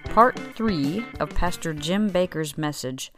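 A woman radio host giving a slow, measured, scripted introduction to the show. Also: low-pitched, animated. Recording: distant voice over loud guitar music.

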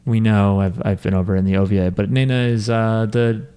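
A man's voice: lowish voice, steady tone, a little fast, warm tone, clear, resonant tone. A young man hosting a podcast, recapping an anime in casual, joking chat and swearing freely. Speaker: podcast host.

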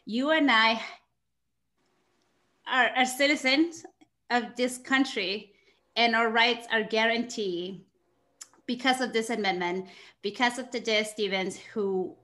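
Bright-voiced bilingual woman hosting an interview. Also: fairly high pitch, takes it slowly, pauses often. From immigrant to the United States. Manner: earnest, gets emotional and laughs. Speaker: interview host.

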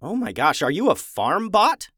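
A man voicing a cautious, curious young boy who asks quick questions. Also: sits high, big pitch swings, a bit bright, dry recording, clean studio sound, pitched above the performer's own voice, full character voice.

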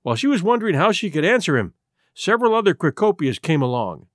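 A man hosting a podcast, reading a classic story aloud in an expressive, gentle storybook narration through a close mic. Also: sits high, fast talker, no room sound.

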